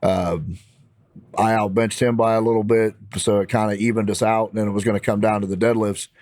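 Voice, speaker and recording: A man with a Midwestern American accent telling a story in a casual, animated, fired-up way. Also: on the low side, fairly quick, dry recording, clean studio sound. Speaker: podcast guest.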